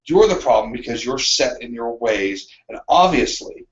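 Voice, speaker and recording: A man co-hosting a casual discussion podcast, talking in a rambling, animated way with frequent ums. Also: mid-range voice, normal speed. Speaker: podcast co-host. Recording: dull lo-fi sound.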